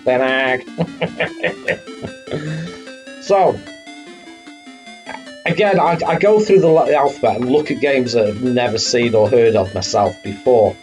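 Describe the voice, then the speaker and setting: A man's voice: mid-range voice, moderate pace, darkish tone, soft background music. A man hosting a retro game live stream, chatting casually and swearing now and then. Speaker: streamer host.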